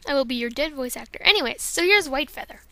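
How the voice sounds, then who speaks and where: A woman's voice: high voice, expressive, fast, bright, forceful tone, dry recording. A young woman chatting casually into a close home mic, rambling and self-deprecating between her voice-acting takes. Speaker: amateur voice actor. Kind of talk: casual vlog chat.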